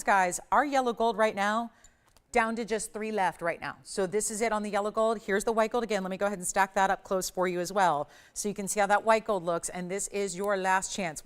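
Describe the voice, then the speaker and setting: A woman hosting a live shopping channel broadcast, giving a chatty, gushing sales pitch in a TV studio and repeating words for emphasis. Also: a bit bright. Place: television studio.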